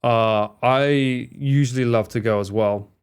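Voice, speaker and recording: Male streamer, casual reaction chat, mid-pitched, chatty and easily amused. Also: unhurried, clean tone.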